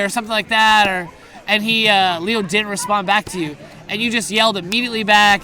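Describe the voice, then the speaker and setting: High-voiced man telling a rambling wedding story. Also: fairly even intonation, a little fast, bright, forceful tone. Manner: storytelling with laughs, mimicking voices in quotes. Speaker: wedding guest giving a toast. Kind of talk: rambling anecdotal toast.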